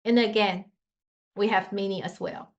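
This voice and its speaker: A woman's voice: medium pitch, steady tone, normal speed, lo-fi sound. A woman teaching a Mandarin lesson in simple non-native English, patiently demonstrating tones with sung scales. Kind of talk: online language lesson.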